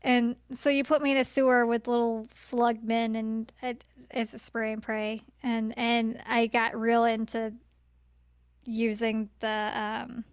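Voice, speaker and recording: A woman's voice: a little high, level tone, measured pace, smooth, dry recording, studio quality. A woman co-hosting a podcast, chatty and self-deprecating, with hesitant fillers. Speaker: podcast co-host. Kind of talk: casual chat.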